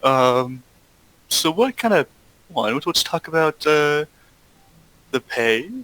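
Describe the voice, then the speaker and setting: A man voicing a young male adventurer who speaks slowly and hesitantly with a wry tone. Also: a little high, expressive, fairly bright tone, no echo, voice pushed up, rough recording.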